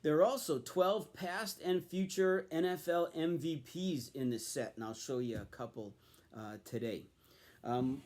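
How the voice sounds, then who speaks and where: A man's voice: on the high side, darkish tone. A man casually reviewing a sports card set, chatty and explanatory, with frequent ums and uhs. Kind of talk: casual show-and-tell review.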